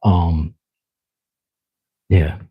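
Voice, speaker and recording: A man's voice: deep voice, flat delivery, very slow, husky, highs cut off. A young man with a Southern US accent, chatting loosely with viewers on his own live stream, rambling with lots of fillers. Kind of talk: casual live stream chat.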